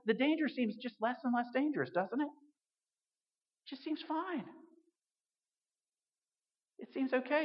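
A man preaching a sermon in a conversational way, full of asides and restarts. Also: high voice. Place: church on Jersey. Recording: dull reverberant hall recording.

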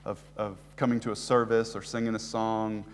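An American man preaching a sermon as a visiting preacher, swinging between hushed, slow emphasis and loud, rising exhortation. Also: fairly low pitch, level tone, in a large hall, slight background noise. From United States. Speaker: guest preacher. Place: church sanctuary.

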